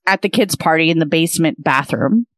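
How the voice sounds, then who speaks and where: A woman's voice: deep voice, expressive, a little fast, no echo, clean studio sound. A young woman with a Canadian accent, co-hosting a podcast and retelling a story in a rambling, filler-heavy way. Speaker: podcast co-host. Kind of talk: casual chat, retelling a comedy bit.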